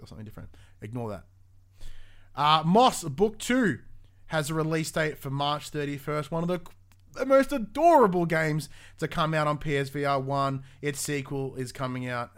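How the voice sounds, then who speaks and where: A young adult man, co-hosting a casual gaming news podcast in an animated, swearing, restart-filled way. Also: mid-range voice. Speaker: podcast co-host.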